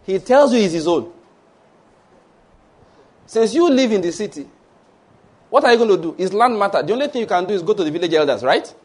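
High-voiced Nigerian pastor preaching. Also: male voice, animated, fairly quick, long pauses, breathy edge. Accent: Nigerian English. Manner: storytelling, mimics voices, bursts into shouted mock prayers. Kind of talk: sermon.

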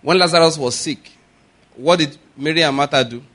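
Preaching at a moderate pace, a male pastor with a somewhat high voice asks the congregation questions and leads them in call-and-repeat. His delivery eventually rises to a loud, emphatic pitch.

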